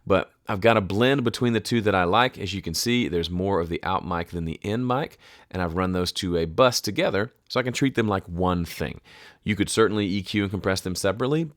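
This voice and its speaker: A man's voice: sits low, fairly quick, no room sound. A man teaching audio mixing at a home studio in a chatty, casual tutorial, sidetracking and correcting himself. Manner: chatty, self-correcting, explains with sung hoots. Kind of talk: casual screen-share tutorial.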